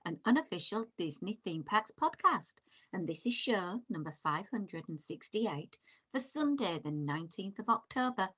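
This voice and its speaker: A woman's voice: mid-range voice, big pitch swings, moderate pace, a bit bright, husky. A woman co-hosting a podcast, chatting animatedly and telling stories with exasperation. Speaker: podcast co-host. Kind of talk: casual chat.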